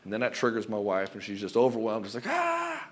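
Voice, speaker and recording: A middle-aged man giving relationship advice as a coach, talking forcefully and emphatically and swearing freely. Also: on the low side, steady tone, fast. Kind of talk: direct-to-camera advice monologue.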